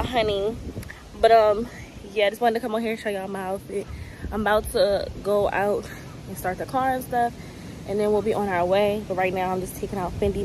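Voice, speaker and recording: Young adult woman, casual daily vlogger, chatty and relaxed, close to the mic. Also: medium pitch, background noise. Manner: chatty, loose, lots of "um" and "y'all". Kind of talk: casual vlog chat. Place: at home, then out running errands. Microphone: phone or camera held close.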